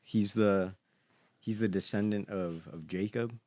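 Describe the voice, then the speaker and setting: A man with a very low voice, wandering through a story with lots of pauses and fillers in a casual podcast chat. The recording is close and dry, with no room sound. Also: steady tone, a little mellow, dry recording. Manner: rambling, hesitant storyteller full of fillers.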